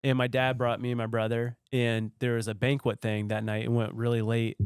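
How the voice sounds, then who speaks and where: A man's voice: medium pitch, monotone, fairly quick, clean tone, no room sound, clean studio sound. A man co-hosting a podcast, telling stories in a loose, rambling way and laughing as he goes. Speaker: podcast co-host. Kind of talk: casual chat.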